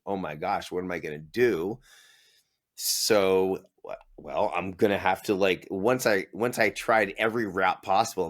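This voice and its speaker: A man's voice: low voice, fairly bright tone. A man in his forties, a business owner telling his story in a casual interview, acting out the voices of people he quotes and laughing often.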